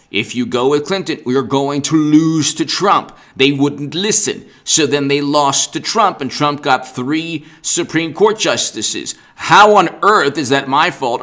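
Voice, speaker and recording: A man's voice: on the high side, bright, forceful tone. A man hosting a political livestream, ranting with sarcasm and exasperation and greeting viewers in the chat by name. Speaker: political commentary host.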